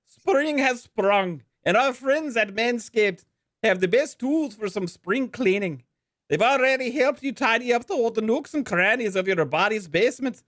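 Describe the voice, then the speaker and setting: A man's voice: very high-pitched, expressive, measured pace, a bit bright, no room sound, clean studio sound, voice pushed up, exaggerated voice. A man putting on an exaggerated, hammy Irish accent to read a sponsor spot on a podcast. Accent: put-on Irish. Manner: hammy, self-mocking.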